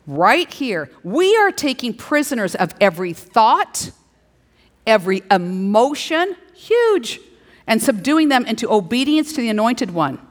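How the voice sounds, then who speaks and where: Animated middle-aged woman preaching in a hall. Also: on the high side, a little slow. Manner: animated and playful, acting out little dialogues. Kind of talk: sermon. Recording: long hall reverb.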